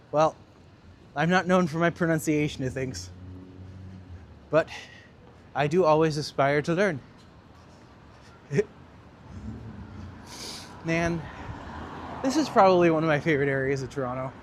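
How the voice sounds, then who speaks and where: A man's voice: a little high, a little hiss or hum. A man hosting a live walking-tour stream outdoors, chatting and joking with viewers as he walks. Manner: chatty and jokey, answering live chat while walking. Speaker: walking tour guide and livestream host. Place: outdoors on city streets.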